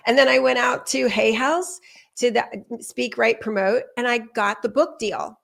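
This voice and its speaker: A woman in her fifties hosting a talk show, chatting casually and quoting herself and others in lively asides. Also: a little high, unhurried, gravelly. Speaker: podcast host. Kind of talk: casual chat, personal storytelling.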